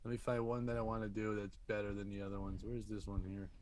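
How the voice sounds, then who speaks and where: A man's voice: on the low side, flat delivery, quick pace, darkish tone, slight background noise. A man hosting a casual podcast chat, throwing in crude wisecracks. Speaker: podcast host.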